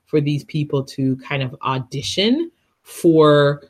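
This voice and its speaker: Woman, podcast co-host, casual chat, hedging, husky tone, lively pitch. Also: slow. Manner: thoughtful, hedging, laughs easily.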